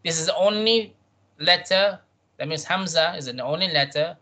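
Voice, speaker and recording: A man teaching a Quran reading class, patient, often repeating himself and checking in with "right?", drawing out Arabic words slowly to model them. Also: on the high side, bright, forceful tone. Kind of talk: tajweed revision class.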